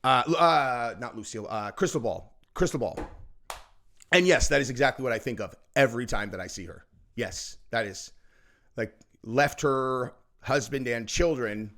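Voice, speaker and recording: A man's voice: medium pitch, fairly bright tone. A man hosting a political commentary show, ranting in a heated, profane and mocking way, often acting out quotes.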